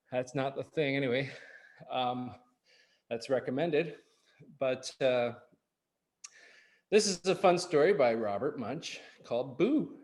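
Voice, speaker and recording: A man's voice: mid-range voice, takes it slowly, pauses often, darkish tone. A man reading a picture book aloud to young children, with chuckling asides. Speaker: early-years program reader.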